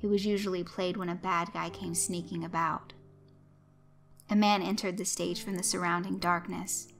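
A woman narrating a story in a steady, even storytelling manner. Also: fairly low pitch, normal speed, vocal fry, slight background noise.

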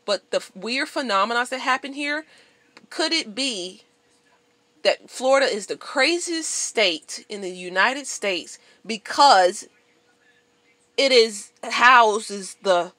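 A woman's voice: on the high side, no room sound. Blunt, profane woman venting. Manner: blunt, profane, animated storytelling. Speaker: vlogger. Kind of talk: venting monologue to camera.

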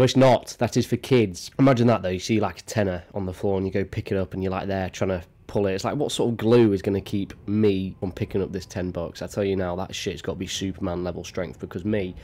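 Deep-voiced young guy, sarcastic and rambly, swears a lot reacting to stuff. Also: dark tone. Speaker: vlogger. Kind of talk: casual reaction commentary.

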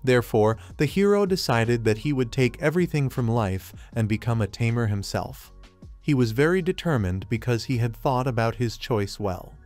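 A man's voice: mid-range voice, normal speed. Man narrating a manga recap over music. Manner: flat reported-speech retelling. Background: faint music.

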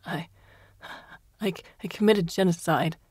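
A woman's voice: fairly low pitch, a little slow, darkish tone, husky, no echo, studio quality. A woman voicing a terrified male prisoner who stammers and sobs through his answers. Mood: terrified stammering. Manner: stammering, hysterical. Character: male war criminal prisoner, terrified, sobbing.

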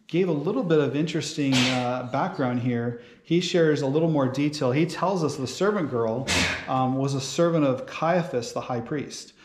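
A man's voice: mid-range voice, a little hiss or hum. A man teaching a casual Bible study sermon in a church, rambling with many fillers and restarts. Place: church hall. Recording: roomy church hall sound.

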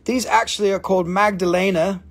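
A man with a high, husky voice runs a live crystal sale. He talks in a playful, joking way, gets excited over each stone, and slips into broken-English sales patter. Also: fairly quick. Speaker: host selling crystals on a live stream. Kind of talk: casual live sales chat.

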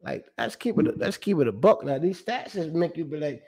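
A man's voice: on the high side, lively intonation, fairly quick, mellow. A man hosting his own sports show, talking casually and animatedly, reading out stats with slang, profanity and emphatic repeats.

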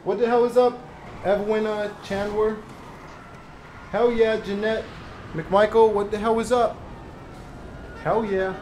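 A man voicing a brash, loud young male cartoon character who hollers and hypes things up during a game stream. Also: sits high, steady tone, measured pace, long pauses, slight background noise, voice pushed up. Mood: hyped. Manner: rowdy, hollering.

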